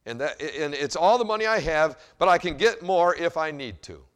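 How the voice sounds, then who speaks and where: A man's voice: fairly high pitch, animated, moderate pace, a bit bright, clean tone. A man putting on an earnest little girl. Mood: pleading. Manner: pleading, insistent.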